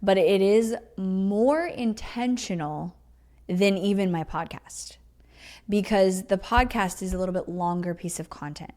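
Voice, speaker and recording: Here a podcast host talks on her own in a loose, casual way, her mid-range voice a little slow and a bit mellow. She improvises with emphasis, teaching in a chatty manner peppered with "like" and "you know."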